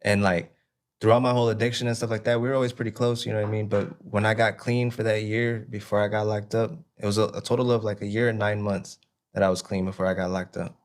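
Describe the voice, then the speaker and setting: A man recounts his own hard past as an interview guest. His voice sits low and barely moves in pitch, and his telling is halting, looping back with "you know what I mean". It sounds like a relaxed personal testimony.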